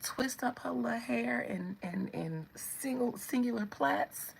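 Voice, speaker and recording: A woman hosting her channel, giving casual, animated celebrity commentary, laughing often and talking straight to her viewers. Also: on the high side, measured pace, creaky, a little hiss or hum, rough recording. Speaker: channel host.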